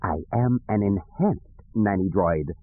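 A man voicing a sweet, grandmotherly female nanny droid who speaks calmly and primly, on a dry, tinny, phone-like recording. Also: mid-range voice, moderate pace, husky, no room sound, voice pushed up. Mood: calm, firm. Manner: calm, prim emphasis.

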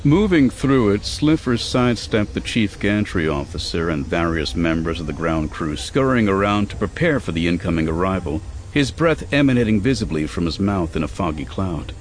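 A man narrating a story in a steady, even storytelling manner. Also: low-pitched, moderate pace, few pauses. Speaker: audiobook narrator. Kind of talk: scripted narration.

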